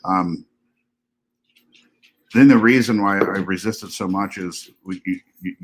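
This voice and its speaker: Man podcast co-host, lower voice, candid casual chat, halting and profane. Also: husky. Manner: halting, restarts, frank and profane.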